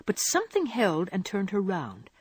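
A woman narrating a classic novel in an expressive, measured storytelling voice. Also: mid-range voice, breathy edge, no room sound. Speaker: audiobook narrator.

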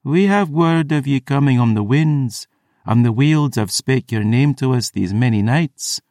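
A man voicing a stern masked priestess in an audiobook, with a deep, musical voice and archaic, formal speech. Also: lively intonation, measured pace, dark tone, dry recording, studio quality, natural voice. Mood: solemn. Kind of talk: audiobook character voice.

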